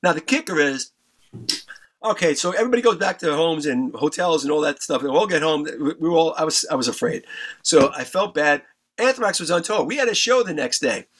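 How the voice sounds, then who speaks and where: Man, raised pitch, casual guest storyteller, profane and animated. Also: a little fast. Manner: animated storyteller, stumbling restarts, acts out voices. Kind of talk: casual anecdote, heavy swearing.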